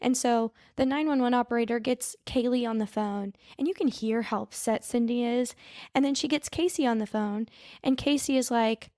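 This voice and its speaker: A woman's voice: a little high, normal speed, darkish tone, no room sound, clean studio sound. A woman co-hosting a podcast, telling a true-crime story in a chatty, casual way and often stopping to correct herself when she mixes up names. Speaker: podcast co-host.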